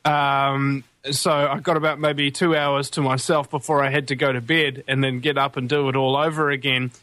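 A man's voice: mid-range voice, level tone, normal speed, a bit bright, no echo. A young man from New Zealand with a New Zealand accent, chatting casually in a blunt, sardonic way with casual swearing. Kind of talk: casual chat.

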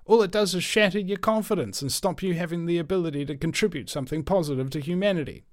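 A man giving an animated motivational monologue as a talk host. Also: on the high side, fast talker, no echo, studio quality. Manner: animated storyteller, emphatic.

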